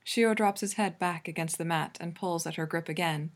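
A woman reading a fan fiction story aloud in a calm, even narrating voice. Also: fairly low pitch, a little fast. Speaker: reader.

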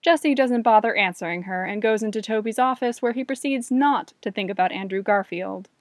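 A woman narrating a story in an even, measured reading voice. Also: mid-range voice, no echo. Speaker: reader.

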